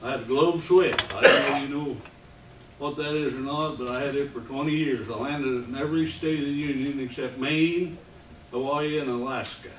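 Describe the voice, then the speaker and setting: A man in his eighties, from the United States, giving a rambling, halting public comment at a meeting. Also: medium pitch. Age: 80s. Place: meeting room. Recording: echoey room, distant mic, noisy.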